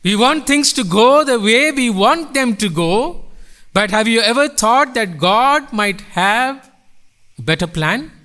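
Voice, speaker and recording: Middle-aged male preacher, bright ringing tone, dramatic swells and hushed drops. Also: extremely high pitch, animated, unhurried. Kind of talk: sermon. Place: church sanctuary.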